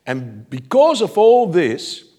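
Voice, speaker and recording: A male preacher giving an animated sermon, laughing often and swinging from shouts to near-whispers. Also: high voice, takes it slowly.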